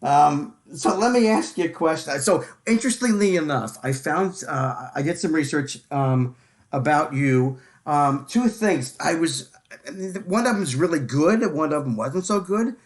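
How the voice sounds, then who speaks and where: A man's voice: fairly high pitch, lively intonation. A man hosting a live sports talk show, chatting casually with many fillers and repeated words. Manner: filler-heavy, repeats words, quick to laugh. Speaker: podcast host.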